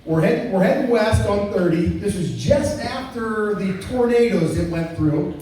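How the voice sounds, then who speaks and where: A high-pitched man tells stories at a retirement party, tripping over his words and chuckling as he goes. He is picked up from far across an indoor venue on a phone camera. The sound is very echoey with a faint murmur of room noise. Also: measured pace, dark tone. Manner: rambling, stumbling restarts, chuckling through stories. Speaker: coworker giving a retirement roast speech. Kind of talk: casual storytelling speech. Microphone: phone camera far from the speaker.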